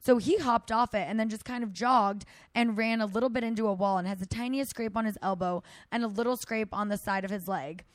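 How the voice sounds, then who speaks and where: Female podcast host, thirties, lively storyteller, mid pitch, dry studio sound. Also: brisk, hardly any pauses, dry recording. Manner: animated storytelling, acts out quotes. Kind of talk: casual chat.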